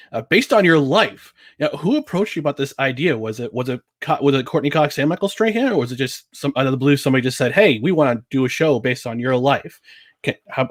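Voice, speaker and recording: A man hosting a podcast, asking long rambling questions with frequent restarts. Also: mid-range voice. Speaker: podcast host. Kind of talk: conversational interview.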